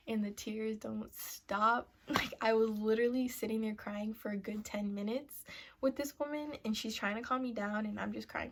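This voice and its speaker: Chatty young woman, slightly high voice. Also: steady tone, moderate pace. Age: young adult. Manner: chatty, full of "like" and "you know" fillers. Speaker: vlogger. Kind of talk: casual sit-down story time. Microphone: camera mic, seated to camera.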